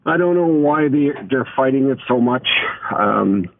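A man's voice: medium pitch, animated, a little slow, creaky. A man being interviewed on a radio show over the phone, speaking hesitantly with fillers. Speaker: guest on phone. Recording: dry, tinny phone line.

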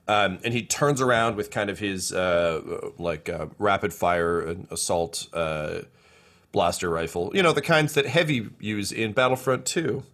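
A man runs a tabletop game, narrating in a loose, rambling way with lots of filler words. His voice is bright and forceful. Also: sits low, a little slow. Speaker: game master.

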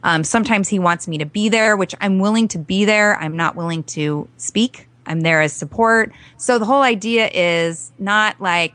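A woman's voice: medium pitch, moderate pace, hardly any pauses, fairly bright tone, no echo. A woman parent coach talking earnestly in a podcast interview, telling stories with acted-out quotes.

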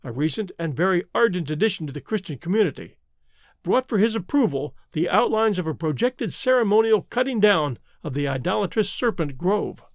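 A male narrator reading a story in lively, expressive audiobook style. His voice is fairly high and swings widely in pitch. The recording is dry and close. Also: a little fast, gravelly, no echo.

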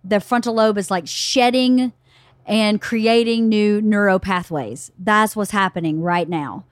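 A middle-aged woman hosting a casual chat, animated and acting out her own scolding, her voice slightly hoarse. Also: mid-range voice, measured pace, no echo, clean studio sound. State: hoarse from shouting. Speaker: podcast host.

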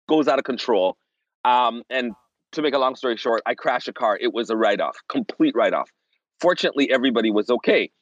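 This man in his forties is a minister and family therapist, appearing as a podcast guest to tell a personal story. His mid-range voice comes through a dry, lo-fi recording, and he's animated, acting out the voices of others.

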